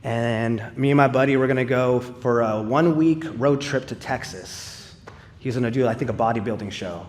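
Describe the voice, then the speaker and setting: A man's voice: medium pitch, normal speed, darkish tone, slight background noise. A man giving a live testimony in church, telling his story in an earnest, conversational way with casual fillers. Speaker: speaker sharing a personal testimony.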